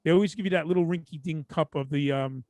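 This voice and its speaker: Brooklyn man, high voice, dry sound. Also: quick pace, no echo. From Brooklyn, New York. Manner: animated storyteller, swears freely, acts out both sides of conversations. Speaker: podcast co-host. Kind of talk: casual chat.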